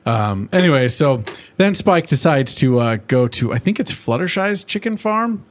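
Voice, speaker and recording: A man's voice: a little high, very animated. Casual podcast co-host, man in his thirties, crude and giggly recapper. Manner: laughing, profane storytelling with quick voice impressions.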